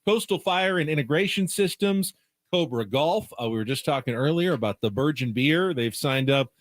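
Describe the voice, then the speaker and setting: A male sports radio co-host, relaxed and matter-of-fact, chatting and reading sponsor plugs in a studio. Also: on the high side, moderate pace, no room sound. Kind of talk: radio chat and sponsor reads.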